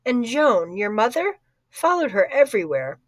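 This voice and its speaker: A woman's voice: fairly high pitch, big pitch swings, normal speed, no echo. Grumpy older male librarian, read by a woman; terse, grudging, dry close read. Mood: gruff. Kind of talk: audiobook character voice.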